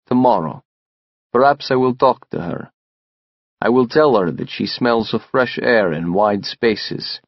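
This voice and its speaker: A man reading a first-person audiobook in a measured, restrained way. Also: lowish voice, creaky, no echo, dull audio. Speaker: audiobook narrator.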